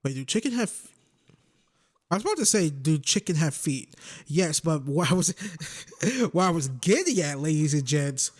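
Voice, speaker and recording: A man's voice: a little high, big pitch swings, moderate pace. Rambling young man commentating a game. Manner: rambling, joking, talks to himself. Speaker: gaming YouTuber.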